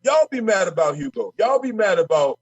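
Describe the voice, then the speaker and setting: Brash, high-pitched man talking fast and fired up. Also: big pitch swings, breathy edge, dry recording, lo-fi sound. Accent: Minnesota. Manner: brash, impassioned, repeats words when fired up. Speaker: state representative guest. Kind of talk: casual podcast conversation.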